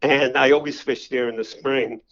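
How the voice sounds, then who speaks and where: A man's voice: medium pitch, fairly even intonation, moderate pace, a bit bright. An older man, a podcast guest telling personal stories in a loose, rambling way full of "you know" fillers. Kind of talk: casual storytelling interview. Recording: slightly dull lo-fi audio.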